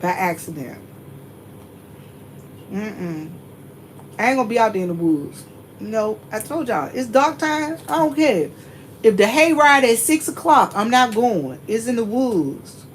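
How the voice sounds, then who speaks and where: Lively Southern woman vlogger, chatty. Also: mid-range voice, a little hiss or hum, rough recording. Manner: animated, chatty, laughs often, drawn-out "mm-mm"s. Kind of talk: casual storytelling to viewers.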